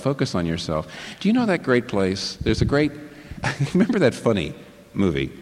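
A man preaching a sermon to a live congregation, emphatic and fond of rhetorical questions that he answers himself. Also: lowish voice. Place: large church hall with a live congregation. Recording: long reverb in a large hall.

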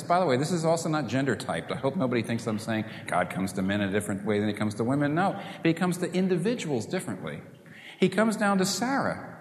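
A man delivers a sermon with animated, conversational energy. His voice carries through a roomy hall with a long reverb tail, recorded in a church sanctuary. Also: mid-range voice. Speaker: pastor.

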